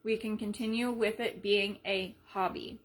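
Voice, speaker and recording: A woman leading a sales team in a casual live video, chatty and energetic, retelling conversations as she goes. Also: medium pitch, measured pace. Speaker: team leader.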